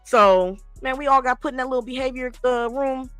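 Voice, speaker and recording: Animated, profane woman telling stories. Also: sits high, fairly quick, clear, resonant tone, no room sound, faint music behind. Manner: animated, profane, acts out quoted voices. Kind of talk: casual storytelling chat.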